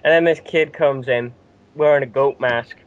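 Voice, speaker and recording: A British man hosting a casual wrestling recap chat, animated and often laughing as he acts out quotes. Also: mid-range voice, moderate pace, background noise. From Britain. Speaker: show host. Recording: dull lo-fi audio.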